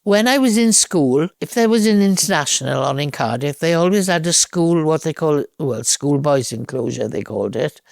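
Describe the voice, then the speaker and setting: An older woman from Wales with a Welsh accent, a podcast guest telling lively anecdotes and acting out the dialogue. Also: sits low, normal speed, gravelly, hardly any pauses, no room sound, studio quality. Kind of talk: storytelling in a podcast interview.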